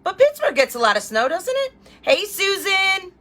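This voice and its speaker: A woman's voice: extremely high pitch, big pitch swings, moderate pace, sharp tone. A woman hosting a live crafting stream from home, chatting and greeting viewers by name as she works. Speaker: craft livestream host.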